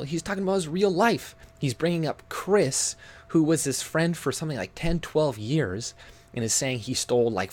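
A man from Canada ranting to camera as a YouTube commentator, swearing often and mocking others in put-on voices. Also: mid-range voice.

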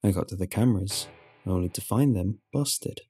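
A man narrating a first-person horror story in a low, measured storytelling delivery. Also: slightly rough. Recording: soft music underneath.

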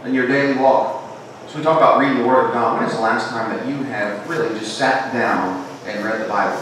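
A man preaching a sermon in a church with a Southern American accent, swinging between emphatic calls and hushed, intimate lines. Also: medium pitch, steady tone, fairly quick, a little hiss or hum. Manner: rises to emphatic preaching then drops to hushed tones. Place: church sanctuary. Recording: echoey church from far off.

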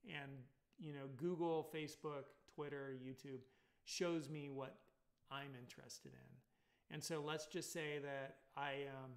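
A man's voice: fairly high pitch, fairly even intonation, measured pace. A man with a Californian accent giving a casual recorded college lecture, rambling with many fillers and tag questions. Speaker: college instructor.

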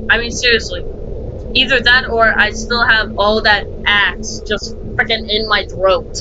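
A man's voice: high voice, steady tone, measured pace, lo-fi sound. A young man chatting casually and rambling while playing a game with a friend. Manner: chatty, rambling, laughing often. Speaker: gaming channel host. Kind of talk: casual gaming chat with a friend. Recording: noisy home recording.

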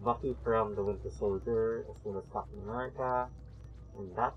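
A man streaming a game, chatting casually with viewers, excitable with sudden yelps, his voice slightly muffled by a mask. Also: fairly low pitch, normal speed. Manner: excitable, greets chat viewers by name, bursts of yelps. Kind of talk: casual live-stream chat while gaming.

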